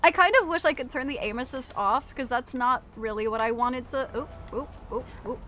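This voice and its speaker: A woman's voice: high-pitched, a little fast, sharp tone, a little hiss or hum. A young woman streaming a video game, chatting casually to her viewers, giggly and self-mocking, swearing freely. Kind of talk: casual gaming stream chat.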